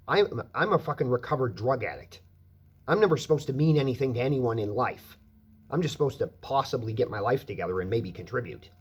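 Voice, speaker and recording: A man's voice: medium pitch, animated, brisk, slightly rough. A man delivering a profane, angry rant as a vlogger, swearing constantly.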